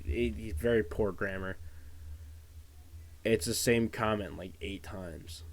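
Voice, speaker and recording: A man with a fairly low voice gives rambling, casual commentary. He swears freely and sounds sarcastic and grossed out as he reads things aloud. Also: slow, vocal fry, long pauses. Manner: disgusted, sarcastic, swears a lot. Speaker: commentary vlogger.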